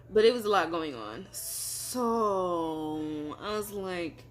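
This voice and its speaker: A woman's voice: on the low side, a little hiss or hum. A woman telling a personal story in casual vlog chat, rambling with lots of fillers and acting out what people said. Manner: rambling, filler-heavy, acts out quoted dialogue.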